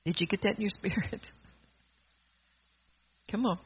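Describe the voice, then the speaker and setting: A woman's voice: medium pitch, unhurried, slightly rough, highs cut off. A woman preaching a sermon in an emphatic, scolding way, calling out to her congregation.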